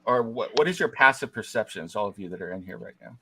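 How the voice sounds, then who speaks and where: A man's voice: fairly low pitch, expressive, fast, noisy background. A man running a tabletop game, describing the scene and asking the players for rolls. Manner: describes actions, then asks the players for rolls. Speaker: game master.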